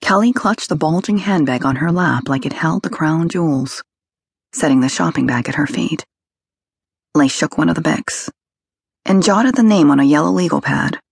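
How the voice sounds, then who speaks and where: A woman narrating a detective novel in a steady, scripted reading voice. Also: low-pitched, normal speed, gravelly, husky, dry recording, studio quality. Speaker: audiobook narrator.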